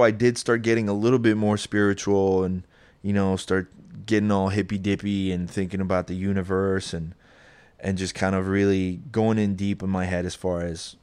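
A man's voice: deep voice, clean tone. Profane rambling man telling a story. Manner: profane, rambling, animated when quoting. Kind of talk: casual storytelling of a personal ghost experience.

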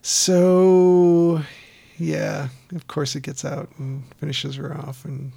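A man in casual podcast chat, retelling a film scene by scene in a rambling, animated way with lots of fillers. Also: fairly high pitch, slow pace, gravelly, breathy edge.

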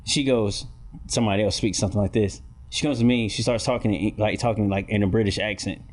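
A man's voice: fairly even intonation, fast talker, a little mellow. A man in casual conversation, rambling through anecdotes and acting out quotes in a raised voice. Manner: rambling storyteller, acts out quotes with raised pitch. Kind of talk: casual chat.

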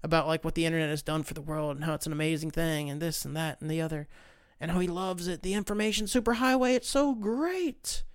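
Male host, loose and profane comic storyteller; smooth tone, close dry mic. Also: on the high side, quick pace, few pauses, no echo. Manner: profane, rambling, animated. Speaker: podcast host. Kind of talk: casual comedic storytelling monologue.

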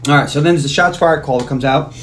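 A man's voice: fairly high pitch, fast, a bit bright, slight background noise. A man hosting a movie podcast, casually retelling a film's plot at length in a rambling way. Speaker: podcast host. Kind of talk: casual movie recap chat.

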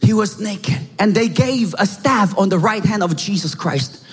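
A man with a Korean accent preaching a dramatic sermon, acting out scenes with shouts and hushed lines. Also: sits high, expressive, moderate pace, slightly rough. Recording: reverberant hall with faint music.

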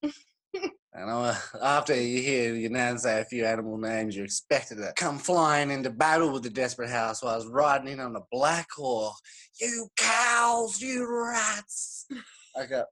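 A man's voice: medium pitch, a little fast, few pauses, a bit bright. A young man talks casually in a mid-range voice, wandering through half-remembered jokes. He trails off and restarts as he tries to recall the punchlines. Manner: rambling, loses track, laughs often. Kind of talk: casual chat.

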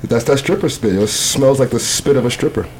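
A man's voice: mid-range voice, fairly quick, a little hiss or hum. A man hosting a podcast, laughing often and swearing as he chats and plugs sponsors. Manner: laughs a lot, slangy, swears. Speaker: podcast host. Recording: loud crowd chatter behind.

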